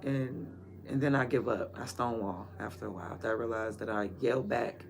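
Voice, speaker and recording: A man's voice: medium pitch, fairly quick, gravelly, a little hiss or hum. A man chatting casually and candidly in a rambling, slangy way while watering plants. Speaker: vlogger.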